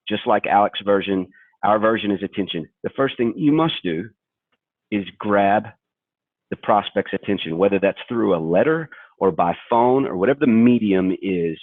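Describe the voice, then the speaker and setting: A man's voice: on the low side, no room sound. A man from Kentucky presenting a sales training webinar in an emphatic, direct coaching tone. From Kentucky, USA. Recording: tinny phone-like webinar audio, dry.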